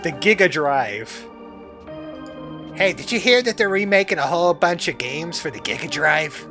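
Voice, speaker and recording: Male let's-play host, jokey running commentary, pitched a bit high, over game music. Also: animated, moderate pace. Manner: chatty, jokey, reads game dialogue aloud. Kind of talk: casual gameplay commentary.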